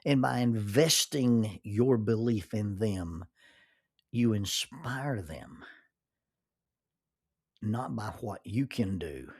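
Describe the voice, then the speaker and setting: Husky, low-voiced man giving an earnest talk. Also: animated, darkish tone. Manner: earnest, halting, repeats words when starting phrases. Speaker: podcast host giving a devotional message. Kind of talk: reflective faith-based talk.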